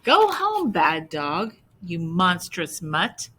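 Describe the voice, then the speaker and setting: A feisty talking female dog, voiced by a woman in a storybook read aloud, scolding a bigger dog with loud, punchy words. The voice is raised and bright, with a lively, swooping pitch. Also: takes it slowly, slight background noise, heavily acted. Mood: frantic. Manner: scolding, emphatic.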